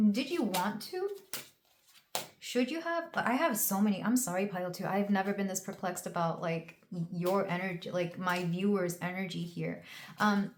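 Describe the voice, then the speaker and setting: A young woman gives a casual tarot reading, rambling and emotional, her sentences full of restarts and fillers. Her voice sits at a middle pitch, and the roomy recording carries a noticeable echo. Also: a little hiss or hum. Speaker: tarot reader.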